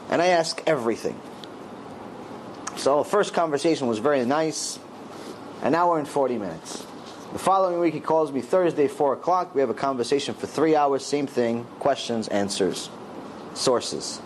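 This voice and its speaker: A man's voice: mid-range voice, lively intonation, normal speed, a little hiss or hum, poor audio. A middle-aged man and rabbi giving a storytelling Torah lecture, acting out the dialogue in raised voices.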